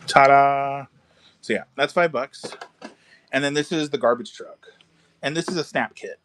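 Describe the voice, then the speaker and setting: A man hosting a casual live stream from a car shop garage, selling model kits and chatting with viewers, relaxed and chatty, swearing now and then. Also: a little high, moderate pace, a little hiss or hum. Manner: laid-back, chatty, swears casually, calls viewers dude and bro.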